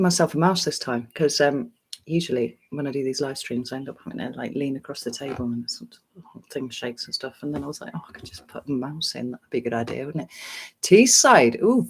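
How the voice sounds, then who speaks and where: A middle-aged woman from England hosts a casual live stream, greeting viewers by name. Her voice is low-pitched, and she clears her throat often.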